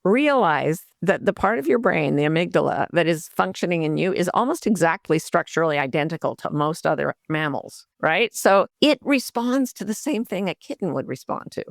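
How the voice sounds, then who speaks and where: An older woman, a life coach and author, speaking as a guest in a podcast interview, explaining calmly and gently, sometimes softly voicing kind self-talk. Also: fairly low pitch, normal speed, creaky, hardly any pauses, dry recording, clean studio sound. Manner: warm, gentle explanations with soft spoken self-talk asides.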